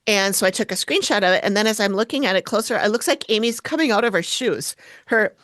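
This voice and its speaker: A woman's voice: mid-range voice, lively intonation, quick pace, a bit bright, no room sound, clean studio sound. A woman co-hosting a podcast, chatting casually as she recaps scenes and quotes what people said. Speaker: podcast co-host.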